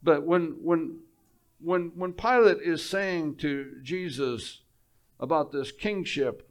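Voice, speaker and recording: A male preacher giving a sermon, telling the story in an animated way, repeating words and dropping quiet for emphasis. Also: fairly high pitch, slow.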